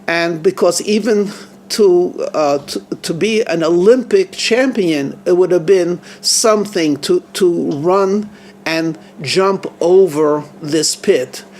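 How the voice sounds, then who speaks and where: A man, a rabbi, telling a story in an earnest, halting manner, often restarting his phrases. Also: fairly high pitch, slight background noise. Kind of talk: storytelling sermon.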